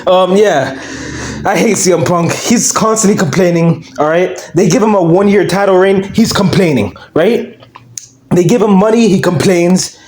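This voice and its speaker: A young man hosting his own channel, ranting in casual commentary, loud and excitable, swinging between shouting and mumbling. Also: sits high, normal speed, a little hiss or hum. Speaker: channel host.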